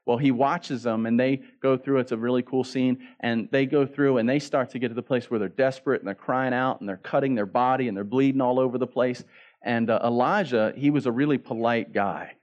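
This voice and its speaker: A man's voice: medium pitch, fairly even intonation, brisk, darkish tone, muffled recording. A man pastor preaching a sermon in a casual, joking way, acting out the story as he goes. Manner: casual, joking preacher who acts out the story in quoted voices.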